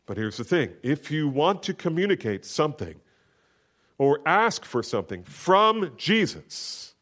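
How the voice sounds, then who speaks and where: A man preaching a sermon in an emphatic way, slowing down and lifting his voice sharply when he quotes scripture. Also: fairly high pitch, sing-song, a bit bright.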